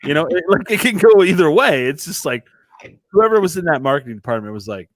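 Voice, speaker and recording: Man, casual host, lively swinging pitch, dry close sound, video call. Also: fast, no echo. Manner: animated storyteller, swears freely, acts out quotes. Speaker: podcast host. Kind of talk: casual chat.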